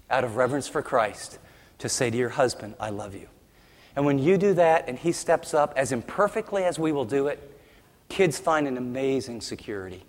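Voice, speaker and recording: A man's voice: medium pitch, big-room sound. A man preaching a sermon as pastor, emphatic and with humorous asides.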